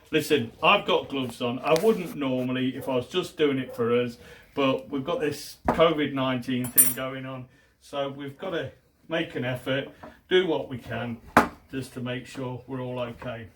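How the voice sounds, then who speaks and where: A man's voice: mid-range voice, a bit bright. A middle-aged man chatting casually and joking as he gives step-by-step cooking instructions in a home kitchen. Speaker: home cook presenter. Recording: distant mic with faint background noise.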